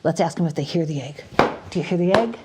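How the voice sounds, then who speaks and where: A woman magician performing a playful magic show for children, swinging between mock-outraged shouts and hushed whispers. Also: sits low, lively intonation, fast talker, very noisy.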